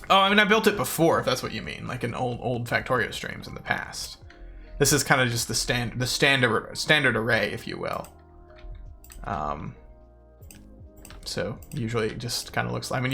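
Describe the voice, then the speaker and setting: A man's voice: medium pitch, gravelly, pushed and bright. A young man streaming a game, chatting casually and rambling playfully with meme phrases while he plays. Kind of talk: casual gaming stream chat. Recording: faint music behind.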